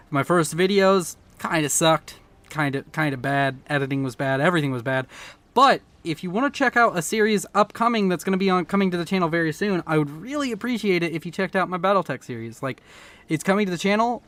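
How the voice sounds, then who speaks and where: Excitable caster, a man with a sore throat. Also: sits high. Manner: rambling, excitable, stumbles over words; swears casually, drifts off topic. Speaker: game caster. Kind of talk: casual live commentary on a strategy game.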